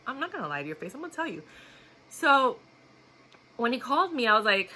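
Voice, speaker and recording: A blunt, outspoken woman vlogger chats straight to her viewers with a bright, forceful voice. She talks in a loose, casual storytelling way and laughs often. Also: on the high side, big pitch swings, a little fast, pauses often.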